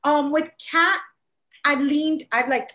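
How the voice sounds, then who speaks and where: A woman co-hosting a podcast in casual chat, animated and quick to act out what others said. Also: high voice, low-quality recording. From Latin American family. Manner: animated, acts out quoted voices. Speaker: podcast co-host.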